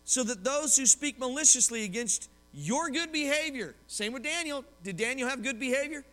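A male pastor from Oklahoma, US, delivers a lively sermon in a bright, high voice at normal speed. He shares personal stories and asks the congregation questions, and the recording has a long hall reverb.

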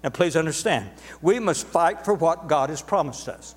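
A man's voice: on the high side, expressive, moderate pace, husky, in a large hall. A man preaching a sermon to a congregation, emphatic and repetitive, drawing words out for stress. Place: church sanctuary.

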